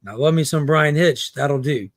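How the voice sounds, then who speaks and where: A comic collector guest on a livestream tells a con story with lively energy, acting out quotes in different voices and trading haggling banter. His voice sits a little high for a man, at a moderate pace, and the sound is close and dry with no room around it.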